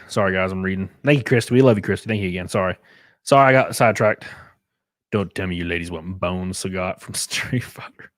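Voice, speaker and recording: A man hosting a casual live stream, joking crudely and thanking viewers by name, jumping from loud outbursts to quiet muttering. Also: on the low side, fairly quick, dry recording, studio quality. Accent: Southern American. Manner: crude, joking, reads and thanks super chats aloud. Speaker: livestream host.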